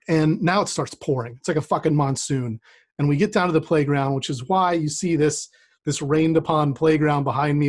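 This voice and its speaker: A man's voice: on the high side, a little mellow. A man telling a personal story on a streamed storytelling show, chatty and self-deprecating, with many restarts. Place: remote setup with a rained-on playground backdrop.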